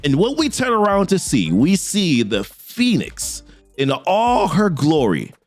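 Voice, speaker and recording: Young male comic recapper, hyped and slangy, lively swooping delivery, pitched a little high. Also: a little slow, soft background music. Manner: hyped, slangy, laughs along. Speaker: comic book reviewer.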